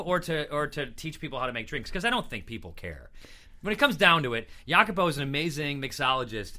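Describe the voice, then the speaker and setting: A man's voice: fairly high pitch, pushed and bright. A man hosting a podcast, chatting casually and teasing his co-hosts. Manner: joking, quick to tease the others. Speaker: podcast host. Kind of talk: casual chat.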